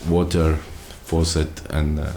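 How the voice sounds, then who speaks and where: Low-voiced Italian man reacting. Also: level tone, takes it slowly, noisy background. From Italy. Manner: exasperated, incredulous questioning. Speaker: reaction video host. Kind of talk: casual reaction commentary.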